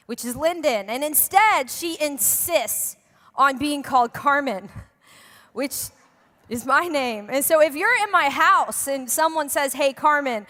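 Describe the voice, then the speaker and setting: A young woman with a high, slightly bright voice preaches a sermon in a church hall, chatting and joking with the congregation. Her words carry a long hall reverb.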